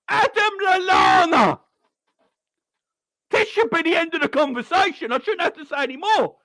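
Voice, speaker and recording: A football fan rants in a high, sharply bright voice, swinging wildly up and down. The sound is close and dry, with no room around it. The talk is sweary, sarcastic and fed up. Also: no room sound. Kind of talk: angry fan rant.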